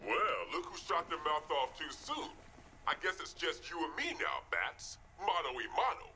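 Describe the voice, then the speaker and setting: A man's voice: a little high, big pitch swings, moderate pace, sharp tone, a little hiss or hum, exaggerated voice. An actor playing a sadistic male clown villain in a video game, mocking and taunting his foe.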